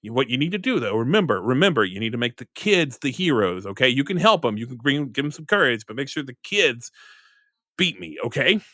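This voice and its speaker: Krampus, rowdy male demon with blustery threats, voiced by a man, bright dry sound, lively pitch. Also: brisk, no echo.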